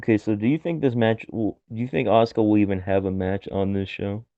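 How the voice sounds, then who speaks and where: Gravelly low-voiced podcast co-host. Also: male voice, steady tone, quick pace, no room sound. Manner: wry, laughs often. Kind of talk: casual wrestling chat. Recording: dull lo-fi dry recording.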